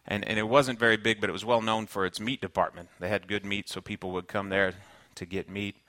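A man's voice: fairly low pitch, flat delivery, fairly quick, sharp tone, no echo. A man from Kentucky with a Southern accent, preaching a sermon in an earnest, conversational way and weaving in personal stories. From Kentucky, United States. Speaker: pastor.

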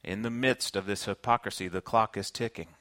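Bright-voiced Southern man preaching. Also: on the low side, fairly even intonation, fairly quick, dry recording. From Kentucky, United States. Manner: earnest, conversational preaching with personal stories. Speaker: pastor. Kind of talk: sermon.

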